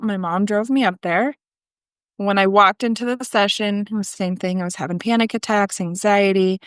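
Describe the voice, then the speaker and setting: A woman's voice: medium pitch, no room sound. Candid woman telling her story, dry sound. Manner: conversational, frequent ums and likes, self-correcting. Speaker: podcast guest.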